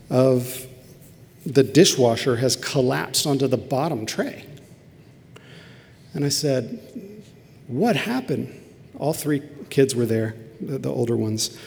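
Earnest middle-aged pastor, gravelly voice. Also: male voice, mid-range voice, darkish tone. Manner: earnest, confessional storytelling. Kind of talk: sermon. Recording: long hall reverb.

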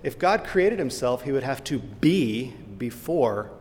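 A man's voice: expressive, unhurried, darkish tone. A man preaching a sermon as pastor, asking the listeners questions and pressing his points with emphasis. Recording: hall reverb, faint rumble.

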